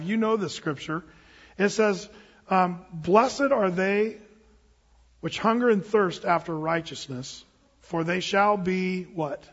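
A man's voice: high voice, slightly rough. A middle-aged man preaching a sermon as pastor, casual and conversational, quizzing the congregation. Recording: dull live recording in a reverberant hall.

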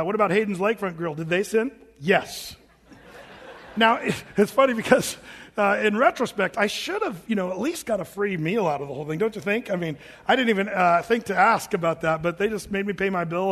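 A middle-aged man with a notably high voice preaches a sermon, spinning a personal story with animated asides and quick character voices. His words echo with a long reverb, as if spoken in a large hall. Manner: animated, acts out voices of family members. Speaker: pastor.

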